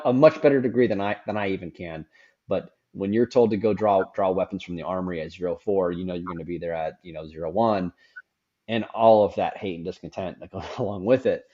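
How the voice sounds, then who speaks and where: A man's voice: on the low side, dark tone. A middle-aged man hosting a casual conversation, frank and rambling, often repeating words as he goes. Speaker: podcast host. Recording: dull lo-fi sound.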